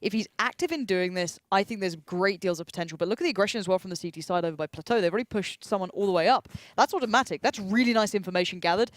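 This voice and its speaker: A man's voice: high-pitched, no room sound. A young English man giving live esports commentary in a chatty, analytical way. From England. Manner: chatty, quick analytical patter. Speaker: esports caster.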